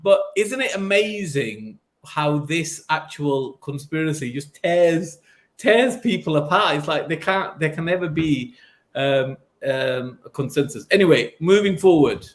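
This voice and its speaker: A man's voice: fairly high pitch, expressive, unhurried. A man hosting a podcast in casual chat, teasing with faux-polite, mock-innocent questions. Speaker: podcast host.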